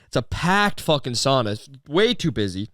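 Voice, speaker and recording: A man who is a comedian and podcast host, telling a rambling, profane story in a deadpan, digressive way. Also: mid-range voice, normal speed, dry recording, clean studio sound.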